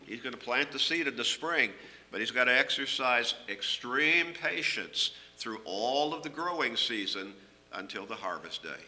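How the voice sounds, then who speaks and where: A middle-aged man preaching a sermon, earnest and emphatic, rising on key phrases and dropping low at the ends. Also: animated, normal speed, pushed and bright.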